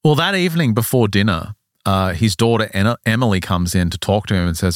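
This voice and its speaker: In a low voice, a male podcast co-host tells a story during relaxed chat, animatedly acting out brief quotes as he goes. It's studio-quality audio with no room sound.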